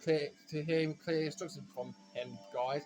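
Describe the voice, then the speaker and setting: A man giving rambling, self-correcting commentary while playing a racing game, now and then breaking into frustrated shouts. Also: a little high, steady tone, normal speed, faint music behind. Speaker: gaming commentator. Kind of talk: casual let's-play commentary.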